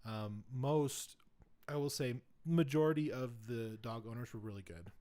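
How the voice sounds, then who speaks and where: A man's voice: mid-range voice, measured pace. A man hosting a podcast, telling a long casual story full of fillers and restarts. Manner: rambling, filler-heavy, grows louder and excited retelling events. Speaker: podcast host.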